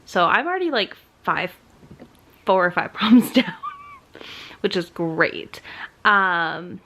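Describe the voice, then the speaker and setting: A woman's voice: on the low side, big pitch swings, slow pace, fairly bright tone. A woman chatting casually and candidly to camera as a book vlogger. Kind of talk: casual vlog chat.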